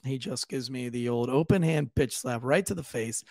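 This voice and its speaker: A man, a police officer, casually telling a profane, lively story on a podcast and acting out the voices of the people in it. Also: mid-range voice, normal speed, dry recording.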